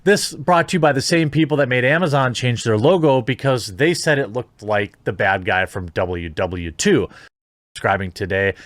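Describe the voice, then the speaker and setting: A man's voice: mid-range voice, moderate pace, fairly bright tone, no echo. A man reading news and statements aloud with his own commentary, putting odd emphasis on syllables. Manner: odd stresses, sing-song emphasis. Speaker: video commentator.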